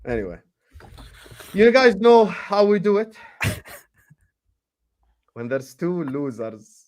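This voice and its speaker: A man's voice: sits high, sing-song, takes it slowly, dry recording. A man hosting a casual football fan show over a video call, teasing his guests with slang and swearing freely. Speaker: host. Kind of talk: casual banter among football fans.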